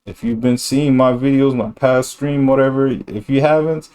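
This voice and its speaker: Dude streaming, rambles a lot, slangy and blunt, mid pitch voice. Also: male voice, level tone, moderate pace, a little mellow, smooth. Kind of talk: casual reaction stream.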